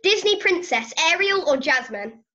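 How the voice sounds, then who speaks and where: Brief: chatty female host, high voice, giggles, dull lo-fi recording. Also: sing-song, moderate pace, sharp tone. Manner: chatty, giggly, reads questions. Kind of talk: casual interview chat.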